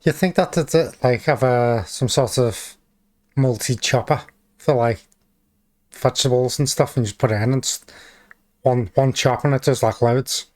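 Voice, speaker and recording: A man's voice: mid-range voice, normal speed, a little mellow. Chatty man reacting to clips. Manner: chatty, leans on the filler "like". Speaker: reaction video host. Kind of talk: casual commentary over clips.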